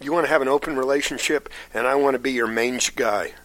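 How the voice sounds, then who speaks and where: A man with an ordinary mid-range voice trades quick one-liner puns in a casual podcast chat. His delivery is brisk and informal. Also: mid-range voice, fairly bright tone, poor audio. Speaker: podcast co-host. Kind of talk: casual pun-swapping chat.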